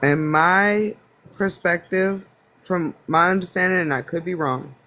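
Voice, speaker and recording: A man from the United States speaking on a phone in a live online panel debate, halting and hedging, with many restarts. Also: high-pitched, pushed and bright. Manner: halting, full of restarts and self-doubt. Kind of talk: casual debate.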